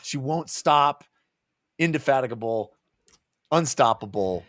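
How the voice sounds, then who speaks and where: A man co-hosting a casual book-club podcast, talking eagerly and halting often with fillers. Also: medium pitch, animated, a bit bright, no room sound, clean studio sound. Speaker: podcast co-host.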